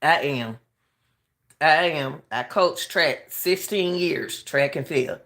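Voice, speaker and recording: A woman's voice: sits low, takes it slowly, vocal fry, fairly bright tone. A middle-aged woman, a retired track coach, hosting live commentary. She speaks with a harsh coaching edge, impassioned and repeating herself to her viewers.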